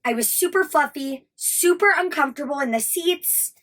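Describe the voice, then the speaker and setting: A woman's voice: high-pitched, expressive, moderate pace, a bit bright. An American woman in her thirties telling a personal travel story, candid and emotional, swearing freely. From United States. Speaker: travel vlogger.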